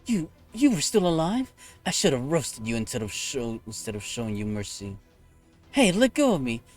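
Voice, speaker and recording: A man's voice: medium pitch, huge pitch swings, moderate pace, soft background music. A man voicing a scornful, vengeful young female warrior, reading game dialogue aloud with raging threats. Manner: raging, contemptuous, shouting threats.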